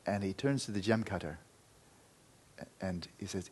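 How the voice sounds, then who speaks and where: A male Buddhist teacher tells a story during a dharma talk. His voice is low and breathy. He speaks earnestly, with restarts, and often drops to a hush. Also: steady tone, moderate pace, long pauses. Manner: earnest, loose storytelling with restarts and quiet stretches.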